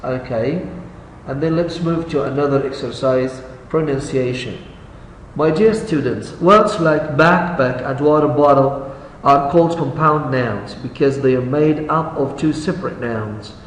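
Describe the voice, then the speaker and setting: A man's voice: mid-range voice, unhurried. A man whose first language is Arabic, teaching an English class and patiently checking answers with his students, often repeating the words. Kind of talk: recorded online class. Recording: echoey room, voice far from the mic, faint background hiss.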